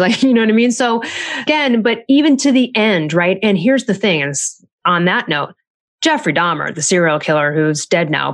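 A chatty woman author talks through parenting advice in a loose podcast style. She sounds animated and conversational, and her pitch leaps up whenever she acts out what someone said. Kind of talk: casual podcast talk.

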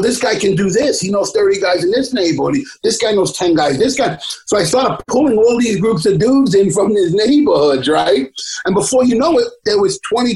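High-voiced streetwise New York man. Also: low-quality recording. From the Bronx, New York. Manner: rambling, streetwise, swears freely, acts out others' voices. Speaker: actor, guest. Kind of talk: casual storytelling interview.

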